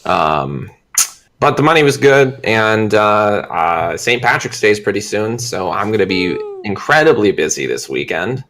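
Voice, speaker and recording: This is a young man, chatting loosely before a tabletop game stream. His voice sits on the low side but comes across bright and forceful. He rambles, swears freely and leans on filler words. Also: very animated, moderate pace. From Canada. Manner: rambling, profane, lots of "like". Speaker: player, bartender.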